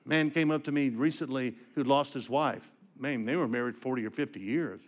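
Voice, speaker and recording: An older man preaching a sermon, telling his story with emotion and swinging from hushed to emphatic. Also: medium pitch, normal speed.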